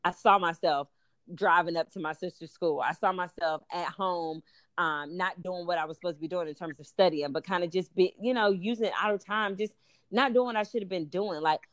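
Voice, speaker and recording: A young adult woman, a podcast guest, telling her story in casual talk, animated and full of "you know" and "like". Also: on the low side, a little fast, no echo. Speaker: podcast guest, law student. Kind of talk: casual faith interview.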